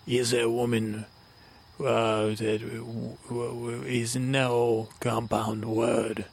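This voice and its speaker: A man's voice: medium pitch, vocal fry, husky, heavily acted. A man voicing a talking letter puppet, a flowery, doting male figure who rambles in a courtly way and fusses over word games. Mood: musing.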